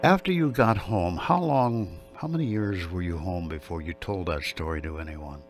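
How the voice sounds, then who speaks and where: A man's voice: low voice, moderate pace, soft background music. A male radio host interviewing a guest, affirming his answers and summing up the story.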